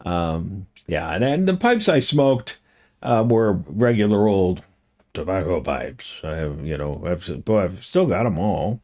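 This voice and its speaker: An older man chats on at his own pace in a rambling home video monologue, drifting from one aside to the next. His voice sits on the low side but swings up and down a lot, with self-deprecating little chuckles. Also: big pitch swings, unhurried, darkish tone. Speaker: vlogger.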